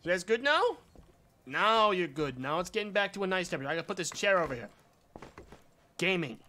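A male streamer giving live game commentary, exasperated and swearing, with sudden yells. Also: high voice, big pitch swings, fairly quick.

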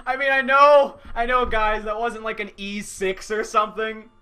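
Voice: mid-range voice, flat delivery, normal speed, bright, forceful tone, clear, resonant tone, faint music behind. A young adult game streamer, crying and laughing through a phlegmy voice, apologizing to viewers between sobs. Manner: overwhelmed, sobbing and laughing, apologetic. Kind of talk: live stream commentary.

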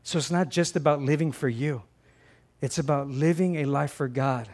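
A middle-aged pastor with a voice on the high side preaches a sermon at a moderate pace. His passion shows in the swing from loud, emphatic statements to soft, earnest ones, and in his repeated phrases.

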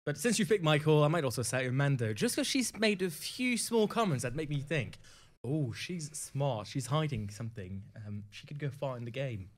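A man's voice: mid-range voice, lively intonation, moderate pace, hardly any pauses. A man hosting a podcast, steering the casual chat with questions. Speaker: podcast host.

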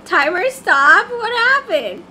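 A woman livestreaming a game in casual chat, excitable and repeating herself in bursts of confused exclamations. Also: extremely high pitch, takes it slowly, slight background noise.

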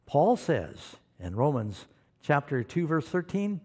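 A man preaching a sermon, animated and questioning the congregation, calling for amens. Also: on the high side, slow, breathy edge. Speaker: pastor.

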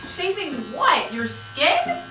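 A woman's voice: extremely high pitch, sing-song, slow, distant mic. A young woman reacting to her friend's prank with teasing, disbelieving questions. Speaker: co-host, prank target. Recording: echoey room, off-mic, faint music.

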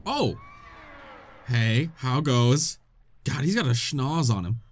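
A young man giving excitable, joking commentary while playing a video game, often laughing and swearing. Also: mid-range voice, takes it slowly, a little hiss or hum. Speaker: gaming video host. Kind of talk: let's play commentary.

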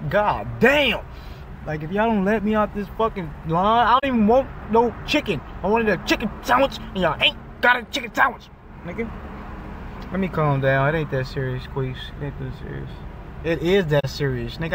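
Young male vlogger, high voice, loud exasperated rant, car with faint traffic. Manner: loud, exasperated, swearing, shifts pitch often. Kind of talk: casual vlog rant. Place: in a car in a drive-thru line.

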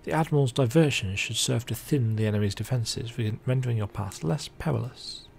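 A man's voice: medium pitch, brisk, creaky, darkish tone, slight background noise, natural voice. A man reading the formal lines of an earnest young scholar laying out a battle plan in a game. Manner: formal read-out game dialogue.

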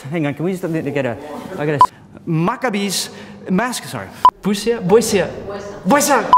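A man's voice: high-pitched, lively intonation, moderate pace, pauses often, big-room sound, over loud music. A man hosting a comedy show with a playful, theatrical, mock-indignant delivery. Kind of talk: comedic scripted presentation.

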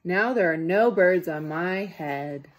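A woman's voice: fairly low pitch, takes it slowly. A woman reading as a fretful cartoon elephant. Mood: grateful. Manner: anxious, pleading, then relieved. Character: fretful male elephant with birds on his head. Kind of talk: reading a picture book aloud to children.

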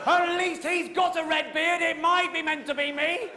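An English man doing stand-up, telling a story in an exasperated, sweary way that bursts into shouting. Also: very high-pitched, flat delivery, moderate pace, very noisy. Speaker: stand-up comedian. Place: comedy stage before a live audience. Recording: echoey live venue with loud audience. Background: audience laughter.

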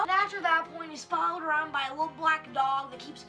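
Young woman, high bright voice, sarcastic comedic reviewer, faint music bed. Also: brisk. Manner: sarcastic, animated, mock-outraged. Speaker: book reviewer. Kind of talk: comedic commentary.

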